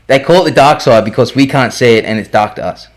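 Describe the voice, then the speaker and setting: A man's voice: medium pitch, fast. A man co-hosting a podcast, reading out odd news in a dry, teasing way with hesitant fillers. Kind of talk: casual chat.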